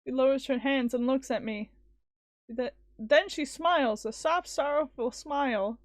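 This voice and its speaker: A woman with a high voice reads a visual novel aloud at an unhurried pace and adds expressive, casual commentary. The recording is close and dry. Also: dry recording. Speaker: let's-play streamer.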